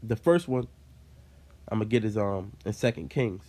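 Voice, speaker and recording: A man's voice: fairly low pitch, moderate pace, warm tone. Man reading and explaining scripture casually. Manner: reads scripture aloud then explains it in casual talk, with fillers like "man". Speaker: Bible teacher. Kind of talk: informal Bible study teaching.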